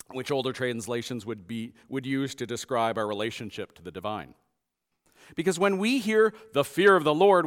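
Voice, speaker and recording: A man preaching a sermon, acting out the quotes and swinging from soft to loud. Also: a little high, in a large hall. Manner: expressive, acts out quotes softly and loudly. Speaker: pastor.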